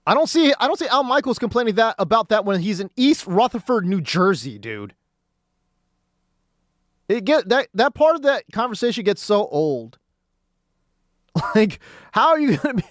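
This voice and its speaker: A man hosting sports talk radio rants in a loose, slangy monologue, his pitch swinging widely as he works himself up. His voice is dry and close to the studio mic, with no room echo. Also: normal speed, pauses often. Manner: animated, ranting, slangy.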